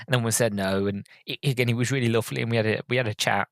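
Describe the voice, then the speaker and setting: A man's voice: fairly low pitch, quick pace, dry recording. A man hosting a podcast, telling a story in a rambling, hesitant way with many ums and restarts, earnest and openly emotional as a fan. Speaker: podcast host. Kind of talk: casual storytelling review.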